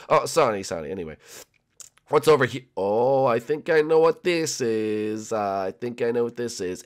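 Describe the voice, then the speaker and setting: A young man commenting on a building game, rambling and excitable with many fillers. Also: medium pitch, moderate pace. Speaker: gaming channel host. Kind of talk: gameplay commentary with role-play.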